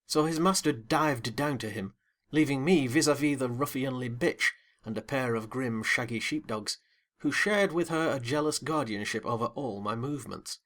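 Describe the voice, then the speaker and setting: A man reading a classic novel aloud as an audiobook, with a lively, dramatic first-person delivery. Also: medium pitch. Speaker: audiobook narrator. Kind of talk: expressive audiobook narration.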